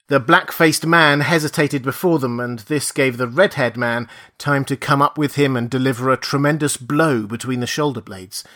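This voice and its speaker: Man reading a classic adventure story. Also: mid-range voice. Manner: measured, even storytelling. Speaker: audiobook narrator. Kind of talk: scripted narration.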